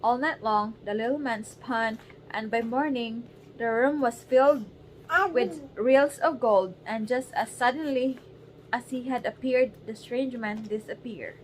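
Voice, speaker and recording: A mother reads a storybook aloud to her baby at bedtime, her voice a bit high. She keeps the narration casual and breaks off to coax the wriggling child. Faint background noise sits under the recording at home. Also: measured pace, low-quality recording. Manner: casual reading, distracted, coaxing a wriggling baby.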